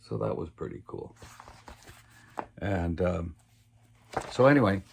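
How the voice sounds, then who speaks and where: An older man telling family stories in a rambling, folksy way, with lots of pauses and fillers. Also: low-pitched, animated, gravelly, a little hiss or hum. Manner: rambling and folksy, full of "uh" and "you know". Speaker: family storyteller. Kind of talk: casual personal storytelling.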